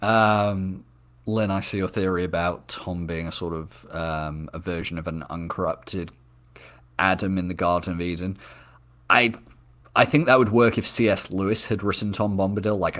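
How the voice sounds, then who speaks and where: A man's voice: low voice, fairly bright tone. A man hosting a live discussion show, chatting enthusiastically and reading out viewer comments, with frequent ums and restarts. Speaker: show host.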